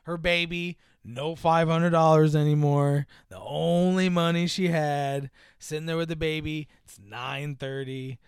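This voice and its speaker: A man's voice: a little high, little pitch movement, a little slow, hardly any pauses, clean tone, no room sound, clean studio sound. A young man in casual chat, rambling through a film plot with plenty of filler and swearing, acting out the characters' lines. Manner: rambling, lots of "like" and profanity, acts out quotes.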